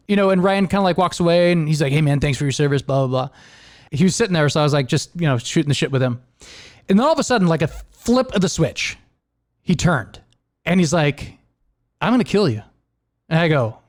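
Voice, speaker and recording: A young adult man hosting a podcast, telling a rambling story in casual chat and laughing often. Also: on the high side. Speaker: podcast host.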